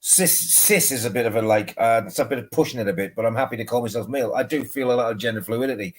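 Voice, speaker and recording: A man's voice: mid-range voice, fast. A man in casual podcast chat, opinionated and profane, often restarting his sentences. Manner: opinionated, swearing, hesitant restarts.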